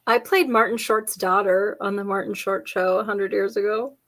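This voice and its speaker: A woman co-host in casual conversation, talking at an unhurried, drawn-out pace. She tells rambling, jokey anecdotes and laughs often, with an easygoing, playful delivery. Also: medium pitch, wildly swooping pitch, a bit bright. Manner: chatty, jokey storyteller, frequent laughs. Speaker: podcast co-host. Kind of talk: casual chat.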